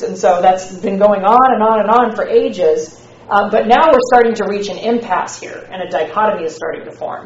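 A woman's voice: medium pitch, darkish tone. A woman teacher giving a casual classroom lecture, chatty and slangy with lots of fillers. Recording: echoey, muffled classroom recording.

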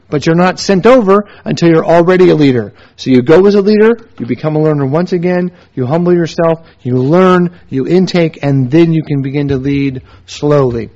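A man's voice: fairly high pitch, warm tone. A man, a missionary teacher, giving a sermon-style talk in emphatic, repetitive runs of short phrases and stories. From United States. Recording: dull lo-fi recording.

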